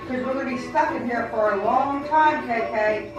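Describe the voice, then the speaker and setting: A woman with a high voice gently quizzes a toddler at home. She stands away from the camera in a strongly echoing room, with music playing behind her. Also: moderate pace, far from the mic, lo-fi sound. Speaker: family member. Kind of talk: casual talk to a child.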